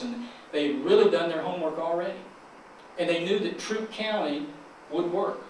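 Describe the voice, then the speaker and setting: A man's voice: a little high, darkish tone, distant mic, slight background noise. Southern man speaking in an echoey hall. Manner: folksy, joking with the audience, preacher-like call and response. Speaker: chamber of commerce president, keynote speaker. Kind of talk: folksy conference speech. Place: large conference hall.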